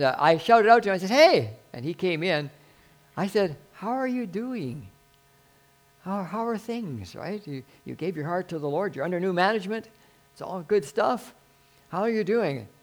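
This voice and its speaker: A pastor delivers his sermon in a high, light male voice, talking to his congregation like a friend and then pressing his point with sudden force. A steady low mains hum runs under the recording. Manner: earnest, conversational preaching with sudden emphatic rises.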